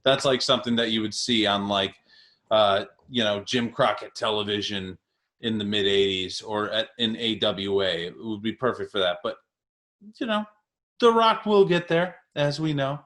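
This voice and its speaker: In a somewhat low, slightly bright voice at an ordinary pace, this 30s-aged podcast co-host chats casually. He's animated, laughs often, and relies on fillers.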